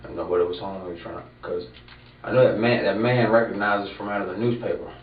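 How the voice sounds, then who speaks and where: Halting man under interrogation. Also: on the low side, steady tone. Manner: hesitant, halting, repeats himself. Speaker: suspect being interrogated. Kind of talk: police interrogation. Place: interrogation room. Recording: roomy, distant, dull archive tape with faint noise.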